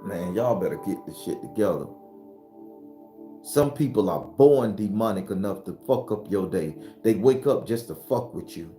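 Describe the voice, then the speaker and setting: A man giving a blunt, profane, preachy spiritual talk, whose voice climbs and gets loud when he is fired up. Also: sits low, animated, moderate pace, roomy sound, soft background music. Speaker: spiritual teacher.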